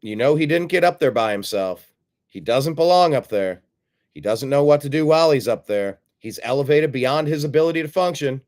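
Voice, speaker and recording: A man's voice: mid-range voice, expressive, fairly quick, darkish tone. Man, political commentary host, combative, sarcastic, repeats himself for emphasis.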